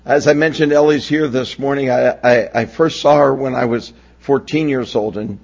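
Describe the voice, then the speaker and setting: A man's voice: mid-range voice, fairly even intonation, normal speed, gravelly, a little mellow, dull audio. A pastor in his sixties from Pennsylvania, preaching a sermon with folksy, humorous storytelling. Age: 60s.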